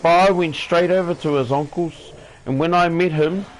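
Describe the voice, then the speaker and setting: A man's voice: fairly high pitch, normal speed, a little hiss or hum, low-quality recording. A young man with a New Zealand accent telling a story in casual chat, calling the listener "bro" all the time and acting out the voices of the people he talks about. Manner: relaxed, says "bro" constantly, acts out quoted voices.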